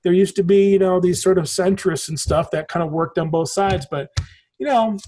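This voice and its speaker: A man's voice: high voice, moderate pace, warm tone, slight background noise. A man in his forties, a podcast guest in casual conversation, telling rambling stories and swearing casually. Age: 40s.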